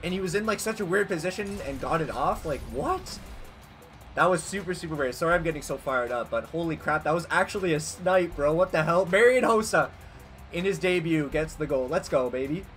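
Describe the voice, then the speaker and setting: A young man giving casual, excitable gameplay commentary as a gaming channel host, swearing and yelling at big plays. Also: a little high, fairly quick, soft background music. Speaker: gaming youtuber.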